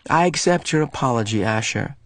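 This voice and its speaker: A man reading aloud and voicing a gentle, troubled boy who speaks carefully and kindly. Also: medium pitch, expressive, fairly quick, no echo, close to an everyday voice. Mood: weary. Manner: careful and kind.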